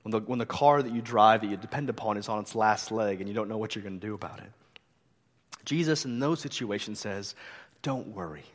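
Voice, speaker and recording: A man's voice: on the low side, fairly quick. A middle-aged man, a pastor, preaching a sermon in an earnest, conversational way and mixing scripture reading with light humor. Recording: long reverb of a hall.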